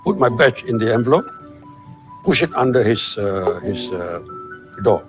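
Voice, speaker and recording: A man's voice: medium pitch, unhurried, music in the background, low-quality recording. A man, a college alumnus, telling a school story dramatically and acting out the people in it. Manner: animated, dramatic storytelling with quoted voices.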